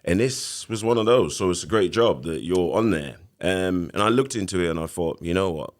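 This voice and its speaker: A man with a London accent in his thirties, a podcast guest telling his story in a casual, animated way. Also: low voice, fairly quick. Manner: animated retelling with acted quotes.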